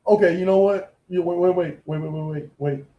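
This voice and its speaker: A man's voice: sits high, fairly even intonation, brisk, echoey room, dull audio. A man hosting a sports podcast, talking in a playful, chatty way. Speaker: podcast host. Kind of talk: casual sports talk.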